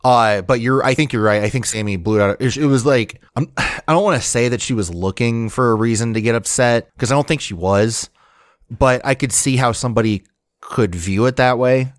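A man's voice: mid-range voice, a little fast, no room sound. Male podcast co-host, casual and rambling, dry close mic. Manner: rambling, full of "like" and restarts. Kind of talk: casual chat.

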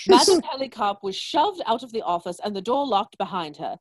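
A woman's voice: medium pitch, very animated, moderate pace, dry recording. A woman casually reading a silly comic story aloud into a phone, often breaking into giggles. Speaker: story reader and co-host.

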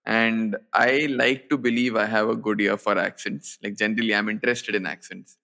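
A man's voice: fairly low pitch, steady tone, moderate pace, gravelly, pushed and bright. A young man co-hosting a podcast, chatting casually and telling a story with fillers, restarts and easy laughs. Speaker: podcast co-host. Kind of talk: casual chat.

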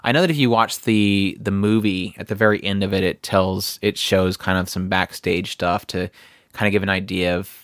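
A man's voice: fairly low pitch, fairly bright tone, dry recording, clean studio sound. A man co-hosting a podcast, rambling in a casual chat with many fillers and restarts. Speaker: podcast co-host.

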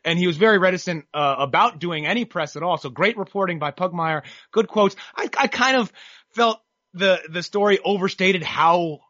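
Rambling, opinionated man with a bright voice. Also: high-pitched, moderate pace, no room sound, muffled recording. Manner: rambling, opinionated, many restarts. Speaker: boxing writer guest. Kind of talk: casual chat.

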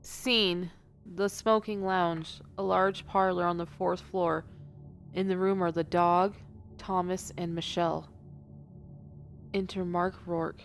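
A woman's voice: fairly low pitch, little pitch movement, slow, gravelly, faint music behind. A woman player reading stage directions from a play script aloud.

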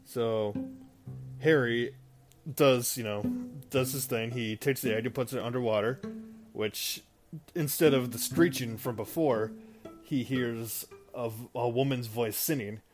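A man's voice: medium pitch, measured pace. A man casually recapping a film for a video, rambling with many fillers and asides. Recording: guitar music playing behind.

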